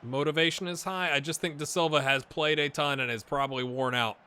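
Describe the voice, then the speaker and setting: Excitable man commentating his football game. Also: on the high side, fairly quick, clear, resonant tone. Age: middle-aged. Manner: excitable, swings from mutters to shouts. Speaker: gaming YouTuber. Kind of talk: live gameplay commentary.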